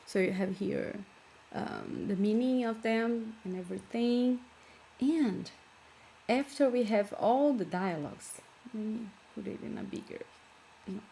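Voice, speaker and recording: A woman's voice: medium pitch, a little slow, vocal fry, warm tone, a little hiss or hum. A woman with a Brazilian Portuguese accent, a native Portuguese speaker, patiently explaining words step by step in an online language lesson. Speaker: language teacher.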